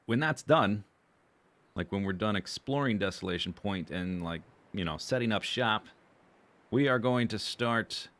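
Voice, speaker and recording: A man's voice: fairly low pitch, fairly bright tone. A man streaming a survival game, chatting casually and rambling as he goes through his gear and plans. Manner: chatty, rambling, self-correcting. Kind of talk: casual gameplay commentary.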